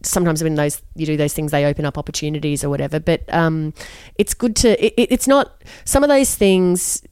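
A woman's voice: sits low, a little fast, a little mellow, clean tone, no echo, studio quality. A middle-aged woman, a journalist guest, talking frankly and bluntly in an interview, often restarting her sentences. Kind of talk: candid interview conversation.

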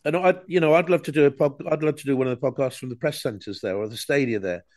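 A man's voice: mid-range voice, quick pace, darkish tone, dry recording. Chatty man in a dry room. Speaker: football commentator calling in. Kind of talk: casual chat. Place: small room with no daylight. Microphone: video call.

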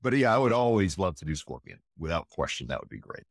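A man's voice: deep voice, very animated, quick pace, no echo, clean studio sound. A man who works as a voice actor, chatting in an interview, enthusiastic and emphatic, often tossing in "again" and "right?". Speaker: voice actor guest. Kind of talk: casual interview chat.

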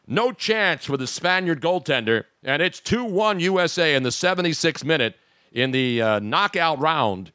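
A man hosting a sports talk show, excitably breaking into the news and calling a goal. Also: a little high, moderate pace, smooth, no room sound, clean studio sound. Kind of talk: live sports talk stream.

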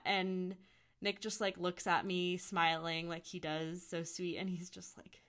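A woman's voice: lowish voice, unhurried. Chatty young woman telling a story. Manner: chatty, heavy use of "like", quotes others in lively voices. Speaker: podcast guest. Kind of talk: casual storytelling.

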